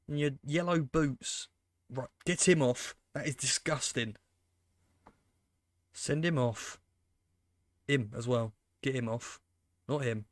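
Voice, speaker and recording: A man's voice: mid-range voice, no room sound, studio quality. A man giving casual, exasperated, sarcastic commentary on his football management game and talking to his viewers. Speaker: gaming commentator. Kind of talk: casual let's-play commentary.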